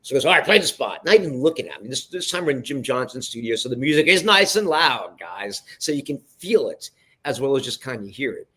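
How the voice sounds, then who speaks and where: A man telling behind-the-scenes stories as a guest on an interview show. He speaks in an animated, restarting way, often turns to address the listeners, and sits at a middle pitch for a man. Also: a little fast, breathy edge. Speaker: guest, television producer. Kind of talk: storytelling in a podcast interview.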